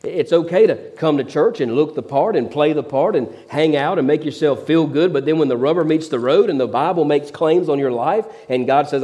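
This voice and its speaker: A middle-aged male pastor preaching a sermon, telling stories in a folksy, animated preachy manner and repeating words as he builds. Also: a little high, a little fast. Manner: preachy storytelling, repeats words when excited.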